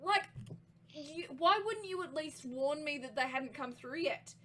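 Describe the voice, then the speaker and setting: A woman voicing an angry, burly lion-folk male ship's chef with an Australian accent, loud and swearing. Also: sits high, expressive, a little slow. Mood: angry ranting.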